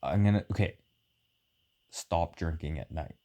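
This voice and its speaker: A man's voice: low voice, measured pace, dark tone, highs cut off. A man chatting casually with his wife, loose and joking, swearing freely and laughing often. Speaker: co-host of a couple's chat vlog. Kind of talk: casual chat.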